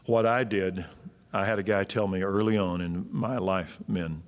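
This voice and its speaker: A man's voice: low-pitched, fairly even intonation, normal speed. A man, preaching a sermon in a folksy, blunt and joking way. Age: 60s. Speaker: pastor. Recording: long church-hall reverb.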